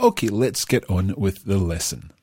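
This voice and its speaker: A man teaching a podcast language lesson, drilling his learner with clear repeated phrases. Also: low voice, moderate pace, dark tone, faint music behind.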